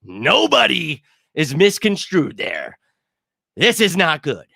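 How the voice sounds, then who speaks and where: Guy ranting on a fan stream after a loss, swears a lot, bright voice, bouncy pitch. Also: takes it slowly, vocal fry, husky, no echo, clean studio sound. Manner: animated, frustrated, swearing, reading chat comments. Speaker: sports fan show host. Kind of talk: livestream postgame reaction.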